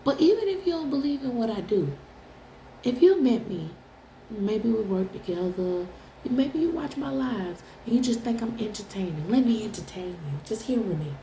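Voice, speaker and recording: Gravelly blunt woman in a roomy space. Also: a little high, expressive, moderate pace, warm tone, slight background noise. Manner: blunt and profane, teasing viewers. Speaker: tarot reader. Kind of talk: casual direct-to-camera chat.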